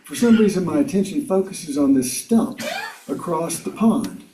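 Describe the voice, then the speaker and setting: A man's voice: on the high side, animated, normal speed, warm tone, slight background noise. An older man from South Carolina, a guest speaker telling personal stories to a congregation in a wry, self-mocking way, with chuckles and filler words. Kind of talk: storytelling talk to a congregation. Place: community meeting hall. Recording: roomy hall, voice from far off.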